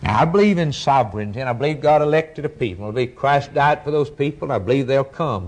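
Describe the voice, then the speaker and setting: Impassioned older male preacher, wide-ranging pitch. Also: animated, fast. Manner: impassioned, pleading, rising to high cries. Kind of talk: sermon.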